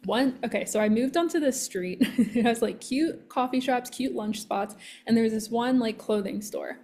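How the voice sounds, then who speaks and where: A woman who coaches clients on manifestation chats on a podcast with a somewhat high voice. She tells her story in an animated way, acting out her inner thoughts as she goes. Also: moderate pace. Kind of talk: casual podcast chat.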